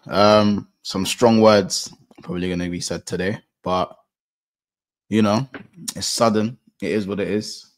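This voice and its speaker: A man with a fairly low voice chatting on a football podcast panel. He talks in a relaxed, rambling way, padding his points with fillers and laughing often. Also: measured pace. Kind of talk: casual football banter.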